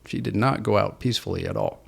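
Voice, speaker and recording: A man's voice: fairly low pitch, quick pace, gravelly, husky. A man from Seattle, a podcast guest, candidly telling his personal story in an earnest, self-deprecating, reflective way. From Seattle, USA.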